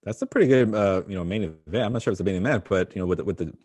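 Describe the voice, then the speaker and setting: A man's voice: lowish voice, rapid-fire, darkish tone, slightly rough. A man co-hosting a sports podcast, chatting in an easygoing, hesitant way with many fillers. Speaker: podcast co-host. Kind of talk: casual sports chat.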